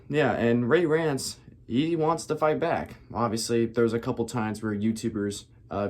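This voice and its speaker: A man's voice: fairly low pitch, a little mellow. A man hosting a reaction video who loosely recaps the situation to viewers in a casual, profane way. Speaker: reaction channel host.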